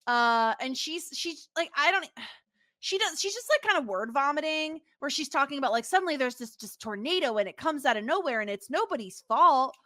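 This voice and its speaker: Bright-voiced excitable woman co-host. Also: sits high, no room sound, clean studio sound. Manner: excitable, quick reactions. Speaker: podcast co-host. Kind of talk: casual chat.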